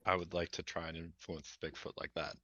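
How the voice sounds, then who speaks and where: Deep bright-toned man playing a tabletop game. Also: little pitch movement, fairly quick, no echo, highs cut off. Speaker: player.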